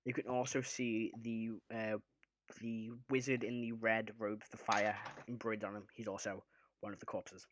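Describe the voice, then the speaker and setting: A man narrating as dungeon master of a tabletop game, halting and relaxed, with many fillers. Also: on the low side, background noise.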